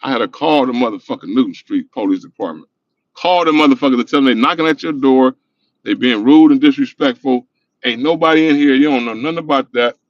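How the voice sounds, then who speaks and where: A man's voice: mid-range voice, fast, dry recording. A middle-aged man from Los Angeles telling a profane, rambling street story on a livestream. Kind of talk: casual storytelling. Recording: dull lo-fi sound with faint noise.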